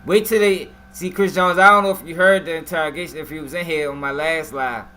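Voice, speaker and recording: A man's voice: a little high, brisk. A man giving slangy, casual commentary to his live-stream viewers, often asking what they think. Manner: slangy, animated, talks straight to the viewers.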